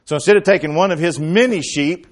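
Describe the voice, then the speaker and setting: Preacher guy telling bible stories, kinda high voice, acts out the lines, gets loud and fired up sometimes. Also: fast. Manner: storytelling preacher, acts out quoted lines, rising to emphatic outbursts. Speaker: pastor. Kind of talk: sermon.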